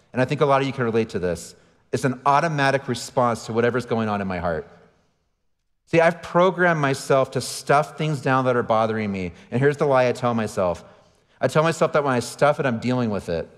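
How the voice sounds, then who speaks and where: A pastor, preaching a sermon and telling stories about himself with self-deprecating humor, picked up by a stage microphone in a large church auditorium. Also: male voice, medium pitch, lively intonation, fairly quick. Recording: church livestream with long hall reverb.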